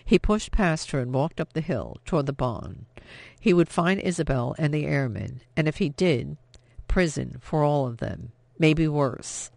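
A man narrating a novel as an audiobook, steady and measured. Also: on the high side, creaky, no room sound.

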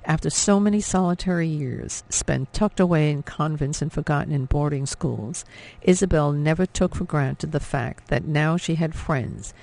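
A man giving a measured, dramatic scripted narration of an audiobook. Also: on the high side, creaky, a little mellow.

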